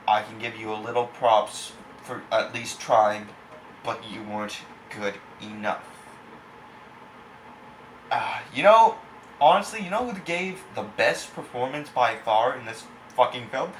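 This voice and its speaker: A man's voice: mid-range voice, lively intonation, a little slow. Angry, foul-mouthed male movie reviewer. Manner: angry, profane, insulting. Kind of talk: ranting film review. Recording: echoey room, faint background hiss.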